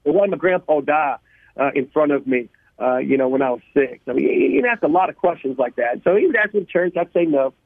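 A man from Louisiana, telling his life story as a radio guest, animated and laughing, often repeating words. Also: on the high side, fast, no room sound. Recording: tinny phone line, dry.

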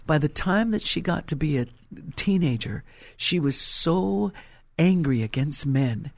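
A man's voice: on the high side, animated, unhurried, creaky, no echo. A male pastor preaching an impassioned sermon and telling stories to his congregation.

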